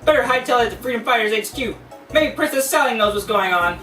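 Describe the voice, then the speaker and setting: A man's voice: extremely high pitch, expressive, fast, bright, forceful tone, echoey room, distant mic, soft background music, full character voice. A man doing a cocky cartoon hedgehog. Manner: imitating a cartoon movie voice. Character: cocky young male hedgehog hero.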